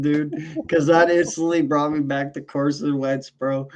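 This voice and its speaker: A man's voice: a little high, little pitch movement, a little slow, a little mellow. A man co-hosting a sports podcast, ranting in a heated, profane, casual way. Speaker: podcast co-host.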